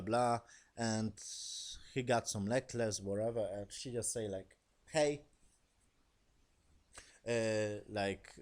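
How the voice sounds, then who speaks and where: A man's voice: fairly low pitch, darkish tone. Rambling man recapping a show. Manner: rambling, swears casually, frequent "basically" and "yes?". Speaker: TV series reviewer. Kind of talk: casual spoken episode recap.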